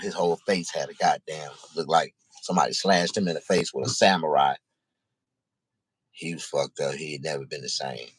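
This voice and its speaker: A man telling a personal story in casual, profane speech, halting and repeating himself. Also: very deep voice, breathy edge, no room sound.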